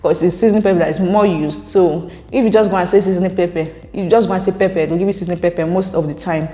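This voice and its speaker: A woman's voice: lowish voice, steady tone, fast, warm tone. A woman with a Nigerian accent, chatting casually as a vlogger and often laughing between points. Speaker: vlogger reacting to viewer comments. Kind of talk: casual chat. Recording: roomy echo with long reverb.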